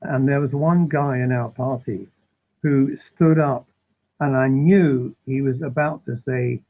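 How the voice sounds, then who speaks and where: A man guesting on an interview, telling animated, rambling anecdotes that keep interrupting themselves. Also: mid-range voice, unhurried. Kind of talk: casual storytelling. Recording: tinny phone-like line.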